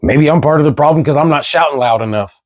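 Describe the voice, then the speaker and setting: A man's voice: a little high, fast talker, dry recording. Exasperated, cursing man ranting to camera. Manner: exasperated, profane, rhetorical questions. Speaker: vlogger. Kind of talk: candid ranting monologue.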